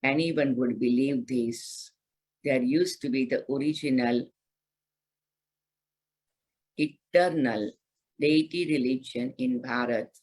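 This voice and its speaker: Slow, breathy woman giving a spiritual talk. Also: a bass voice, rough recording. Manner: gentle, unhurried, guiding listeners through meditation. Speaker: spiritual teacher. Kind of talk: slow devotional scripture reading with commentary.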